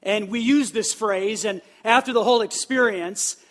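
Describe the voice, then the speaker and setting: Male pastor, high-pitched, lively sermon to a congregation, call-and-response. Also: moderate pace. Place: church sanctuary with live congregation.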